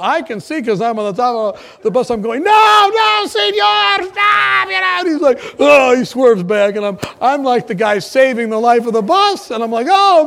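A man preaching, telling his testimony as a lively story, often laughing and acting out the people in it. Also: extremely high pitch. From United States. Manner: animated storyteller, often laughing, acts out shouts.

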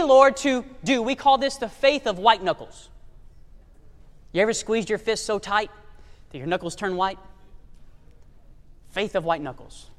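Very high-voiced preacher in a reverberant hall. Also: male voice, fairly bright tone. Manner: emphatic, rhetorical questions to the congregation. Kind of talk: sermon. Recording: long reverb of a large hall.

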